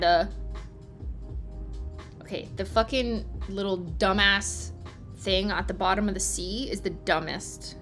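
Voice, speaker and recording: A woman hosts a relaxed livestream, chatting at an unhurried pace. She swears freely and breaks into laughter often. Faint music plays under her voice. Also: medium pitch. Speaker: livestream host. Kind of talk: casual livestream chat.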